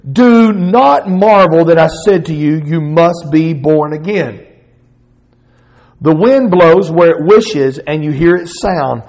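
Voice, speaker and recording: Man, southern accent, high voice, preaching, animated. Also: poor audio. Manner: expressive preaching, voicing Jesus in bursts. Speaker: pastor. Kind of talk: sermon.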